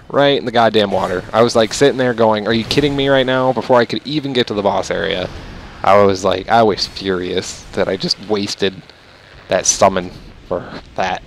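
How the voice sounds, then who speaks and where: A man's voice: fairly low pitch, gravelly, a little hiss or hum. A young man giving rambling, casual gameplay commentary, swearing at enemies with mock-angry outbursts. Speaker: gamer.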